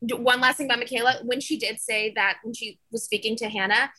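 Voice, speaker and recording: A woman co-hosting a podcast, chatting casually and gushing, acting out quotes in quick bursts. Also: fairly high pitch, no echo. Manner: gushing, animated, acts out quotes. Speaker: podcast co-host. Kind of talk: casual chat.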